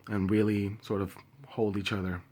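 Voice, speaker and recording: Grieving, impassioned young man, low voice. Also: little pitch movement, darkish tone. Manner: impassioned, halting with many pauses and fillers; swears openly. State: grieving and angry. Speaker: vlogger. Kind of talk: personal video statement.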